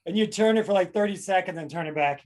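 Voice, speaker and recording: A man's voice: sits high, quick pace, a little mellow. A man from Kentucky hosting a casual comedic chat, playful and jokey, acting out quotes. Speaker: podcast host.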